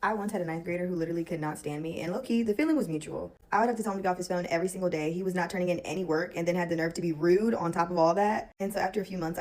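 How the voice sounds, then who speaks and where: A woman teacher telling a classroom story in a brisk, matter-of-fact way. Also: on the low side, darkish tone. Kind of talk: storytime to camera.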